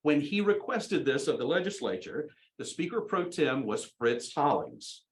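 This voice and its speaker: A man's voice: on the high side, big pitch swings, normal speed, rough recording. A man giving a history lecture, stressing key words and dates by repeating them. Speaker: guest lecturer.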